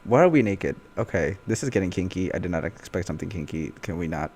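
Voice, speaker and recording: A man doing a comic read-through of fan fiction, animated and often breaking off to laugh and comment. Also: deep voice, fast talker, slightly rough. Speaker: YouTuber reading fan fiction. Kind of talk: comic reading with live reactions.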